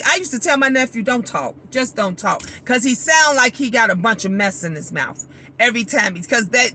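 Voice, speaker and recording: A woman from talks straight to her viewers in a bright, forceful voice, venting bluntly and swearing freely. Her casual livestream chat has faint noise underneath. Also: a little high. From Chicago. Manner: blunt, profane, animated venting. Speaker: livestream host.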